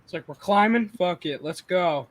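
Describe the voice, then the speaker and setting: Man, casual stream chat, profane, animated storyteller, high voice. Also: normal speed. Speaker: streamer host.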